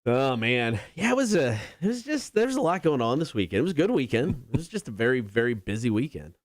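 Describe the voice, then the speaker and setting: A man's voice: medium pitch, sing-song, a little fast, no echo. A man co-hosting a radio show, trading dry jokes and reading show teasers. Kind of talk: casual radio banter.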